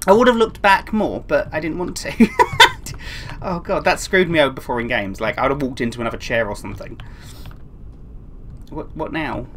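A woman's voice: very deep voice, brisk, a little hiss or hum. A young woman commentating a horror game, jumpy and swearing when scared, with dry asides. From England. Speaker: gaming YouTuber. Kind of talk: let's play commentary.

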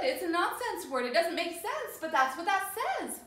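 A woman's voice: extremely high pitch, big pitch swings, fairly bright tone, roomy sound. Sing-song woman teaching young children phonics. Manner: slow, sing-song and encouraging, stretching out letter sounds. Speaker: preschool teacher.

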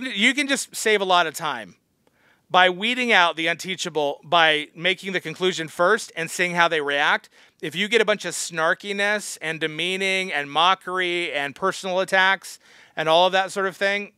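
A man's voice: high voice, pushed and bright, smooth, dry recording, studio quality. A man teaching a Bible study as a pastor, blunt and harsh, scolding his listeners. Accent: American.

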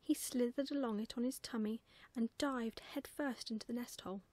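A woman reading a bedtime story aloud in a soft, close whispered role-play style. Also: a little high, steady tone, normal speed, no echo.

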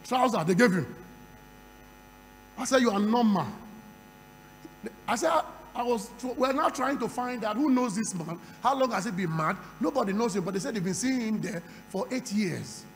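A man's voice: high voice, expressive, moderate pace, slight background noise. A man preaching a sermon, calling for responses from the crowd and breaking into speaking in tongues. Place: large hall. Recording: long hall reverb.

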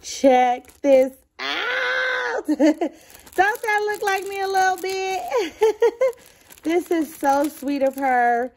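A woman's voice: mid-range voice, warm tone. A woman vlogger chatting casually as she shows off items in a show-and-tell video, gushing and calling viewers "girl". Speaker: beauty and lifestyle vlogger.

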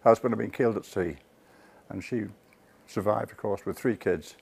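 A man giving a public history lecture to a live audience. He tells the story with lively asides to the listeners and corrects himself mid-word. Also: on the low side, moderate pace, gravelly, a little hiss or hum. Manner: self-corrects and restarts words.

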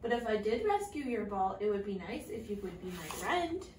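A woman voicing a small, friendly male frog in a read-aloud storybook, high and coaxing. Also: sing-song, a little fast, darkish tone, close to an everyday voice. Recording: echoey room, far from the mic, faint noise.

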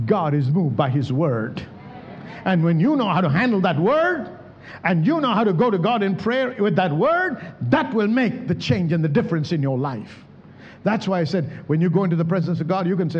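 A man's voice: high voice, lively intonation, normal speed, long reverb tail, lo-fi sound, a little hiss or hum. A male pastor preaching a sermon, calling out to the congregation for responses and acting out prayers as he speaks. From India. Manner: preaching with emphatic calls to the church.

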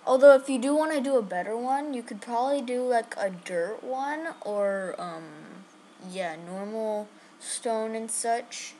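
A woman giving chatty, excitable live commentary on her own game, talking straight to her viewers. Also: on the high side, unhurried, a little hiss or hum. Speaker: gaming channel host.

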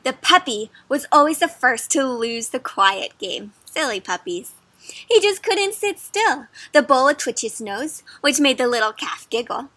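Bright, high-voiced woman reading aloud. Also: lively intonation, moderate pace, few pauses, no echo. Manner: gentle, asks the listener questions. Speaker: children's storybook reader. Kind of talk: interactive read-aloud for kids.

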